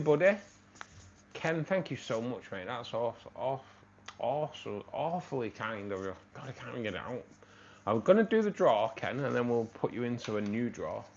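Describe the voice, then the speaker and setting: A man hosting a live stream, chatting casually and thanking viewers by name. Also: medium pitch. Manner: chatty, thanking viewers by name, laughs at his own jokes. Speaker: livestream host. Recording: slightly dull stream audio with faint noise.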